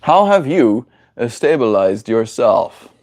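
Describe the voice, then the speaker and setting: Mellow-voiced man chatting on a stream. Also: mid-range voice, big pitch swings, slow pace. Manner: rambling and playful, reading chat aloud. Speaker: daily streamer. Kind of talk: casual livestream chat.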